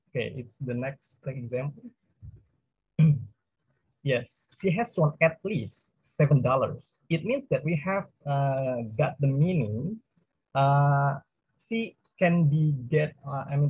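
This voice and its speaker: A young man with an Indonesian accent giving a class presentation as a student presenter, speaking haltingly with many fillers and self-corrections. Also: medium pitch, husky, no echo. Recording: tinny phone-like dry recording.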